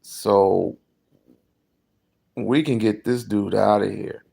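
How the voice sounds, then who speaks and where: A man's voice: on the low side, steady tone, slow, gravelly, mellow, slightly rough. A man commenting on politics in an earnest, plainspoken delivery.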